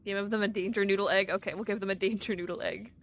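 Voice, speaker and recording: A woman's voice: mid-range voice, fairly even intonation, fast, a little hiss or hum. Giggly woman streaming a game. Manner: chatty, giggly, talks to her viewers. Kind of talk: live-streamed gameplay chat.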